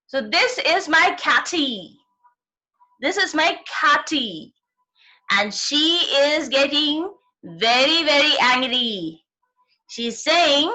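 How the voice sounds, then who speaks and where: High, lively Indian woman teacher. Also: slow pace, pauses often. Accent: Indian English. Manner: encouraging, repeats "right?" to check understanding. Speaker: primary school teacher. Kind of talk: online phonics class for young children. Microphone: video call.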